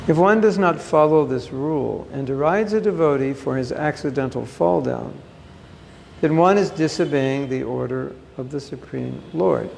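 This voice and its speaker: A man's voice: a little high, gravelly, a little mellow, big-room sound, a little hiss or hum. A man giving a scripture class, reading a passage aloud and then explaining it with emphatic asides, recorded on a phone.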